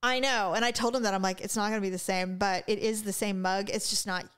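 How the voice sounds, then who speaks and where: A woman's voice: mid-range voice, steady tone, fast talker, fairly bright tone, smooth. A middle-aged woman co-hosting a podcast, telling a story in casual chat and acting out both sides of a conversation. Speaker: podcast co-host.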